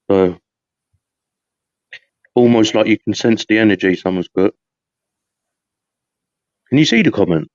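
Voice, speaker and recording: A man's voice: lowish voice, unhurried, long pauses, darkish tone, no room sound, highs cut off. A man from the UK hosting a live podcast, rambling and chatty, laughing often. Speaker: podcast host. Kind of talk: casual live podcast chat.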